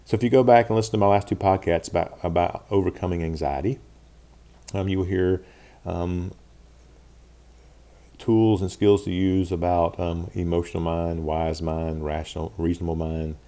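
A man hosts a solo podcast in a very low, gravelly voice. His tone is dark and mellow, and he talks things through in a reflective, questioning way, pausing on fillers as he goes. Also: steady tone. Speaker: podcast host. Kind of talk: casual solo podcast talk.

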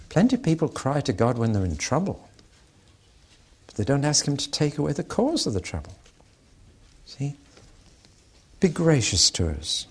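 A man's voice: mid-range voice, big pitch swings, normal speed, long pauses, breathy edge. A man preaching a sermon, teaching earnestly and expressively from scripture.

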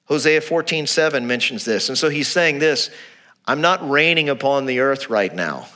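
A male pastor delivering a sermon in a bright, clear voice. He explains scripture and slips into quoted speech, lifting or dropping his pitch for effect. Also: normal speed. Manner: expressive preaching, acting out quoted lines with shifting pitch.

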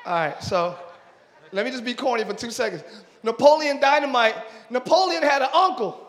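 A male pastor preaching a sermon in church, talking with the congregation and rising into loud shouting praise. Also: very high-pitched, normal speed, big-room sound. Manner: preaching with call-and-response to the congregation.

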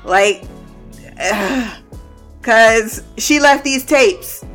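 A woman's voice: fairly high pitch, drawn-out words, fairly bright tone, faint music behind. A woman giving a casual, blunt and profane recap of a TV show, often breaking into laughter. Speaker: TV show reviewer.

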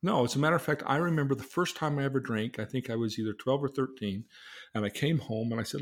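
Middle-aged guy, mid-pitched voice, earnestly telling his daughter a faith story, asks her questions, does little voices. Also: quick pace. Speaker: father teaching his daughter. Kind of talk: religious life lesson told as personal story.

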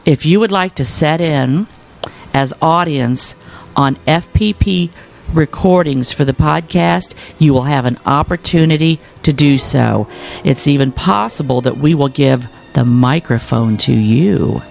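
A man's voice: a little high, a little slow, vocal fry. A man hosting a podcast, upbeat as he announces weekend event plans in casual chat. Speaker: podcast host.

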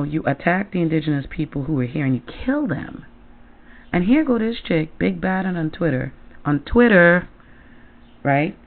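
A woman's voice: low-pitched, creaky. A woman giving blunt, angry commentary, full of profanity and asides that ask the listener "right?" and "okay?". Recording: tinny phone-like audio.

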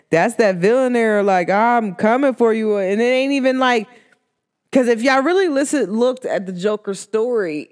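Chatty and slangy, this woman vlogs a casual pep talk. Her frequent laughter and rising pitch swoops show her excitement.

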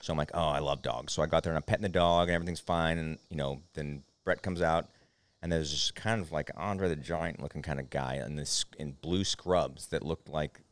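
A man's voice: fairly even intonation, a little fast. A man co-hosting a casual podcast, telling a rambling story and acting out what people said. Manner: rambling storyteller, acts out quotes with raised pitch. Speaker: podcast co-host.

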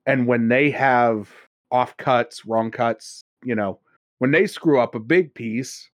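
A man from Pennsylvania chats casually as a podcast co-host. His voice sits mid-pitch and sounds dry and close. He rambles, laughs and restarts his sentences. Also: measured pace, dry recording. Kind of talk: casual chat.

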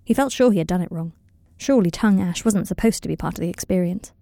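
A woman reading a story aloud in calm, even scripted narration, recorded close to the mic. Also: fairly low pitch, fast talker, no echo. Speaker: audiobook reader.

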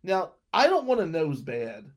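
A man's voice: a little high, wildly swooping pitch, normal speed. A young man telling a rambling personal anecdote and laughing between lines. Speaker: storyteller. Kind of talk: casual anecdote.

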